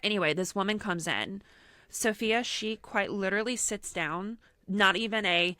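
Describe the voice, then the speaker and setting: Recorded cleanly in a studio without echo, this young woman co-hosts a podcast and shares a personal story at a moderate pace and medium pitch. She's an animated storyteller who acts out dialogue and leans heavily on "like."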